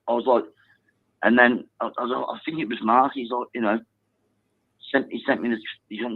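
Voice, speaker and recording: A man calling a football phone-in, telling a story excitedly and swearing now and then. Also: medium pitch, moderate pace, creaky, pauses often, no room sound. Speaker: caller. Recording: tinny phone line.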